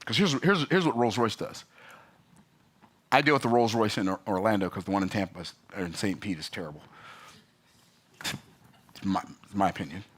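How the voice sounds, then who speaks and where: A man telling an animated, exasperated story in an emphatic, sarcastic vlog rant. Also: on the low side, normal speed, pauses often, husky. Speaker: business vlogger.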